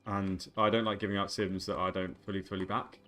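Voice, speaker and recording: A man in his twenties with a fairly low voice talks casually to his live-stream chat. He rambles and jokes between gameplay remarks, with faint music playing behind him. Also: flat delivery, fairly quick, pushed and bright. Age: 20s. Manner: joking, rambling banter with chat. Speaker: game streamer.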